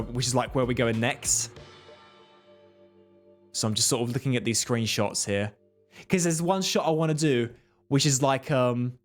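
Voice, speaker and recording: A man chatting casually on a live stream while drawing, rambling through restarts and filler words. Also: mid-range voice. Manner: rambling, lots of fillers and restarts, laughs easily.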